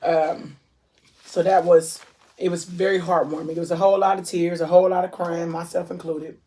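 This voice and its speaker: A woman's voice: fairly low pitch, level tone. A woman from Ohio chatting casually to her viewers as a vlogger, effusive and full of endearments. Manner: effusive, warm shout-outs, drawn-out endearments. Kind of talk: casual chat to camera.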